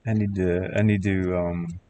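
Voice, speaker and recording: A man with a Southern accent chatting casually on a live stream while he builds a game, rambling in halting, self-correcting bits. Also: deep voice, level tone, dark tone, slight background noise. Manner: rambling, halting, restarts words.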